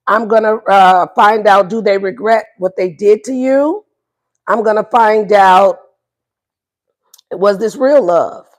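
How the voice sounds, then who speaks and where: A woman doing a casual livestream tarot reading, playful and profane, repeating her questions to the viewers. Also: medium pitch. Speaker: tarot reader.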